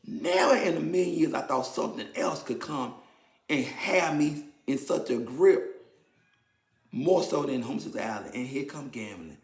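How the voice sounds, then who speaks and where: Gravelly man sharing an emotional testimony. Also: normal speed. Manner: candid and emotional, swings from low to animated. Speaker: vlogger sharing his testimony. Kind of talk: personal testimony to viewers. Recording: roomy echo.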